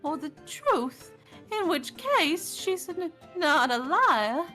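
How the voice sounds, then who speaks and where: A woman's voice: extremely high pitch, big pitch swings, takes it slowly, bright, forceful tone, soft background music, exaggerated voice. A woman voicing a cagey older man who dodges questions and needles others, reading game dialogue aloud. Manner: evasive, needling.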